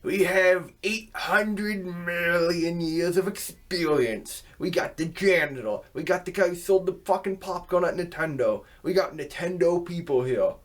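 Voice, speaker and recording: Bragging console executive, loud and overblown, as a ranting man mimics him, voice pushed higher than usual. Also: measured pace, hardly any pauses. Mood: boastful. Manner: bragging, over-the-top claims. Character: boastful mocked male console company boss.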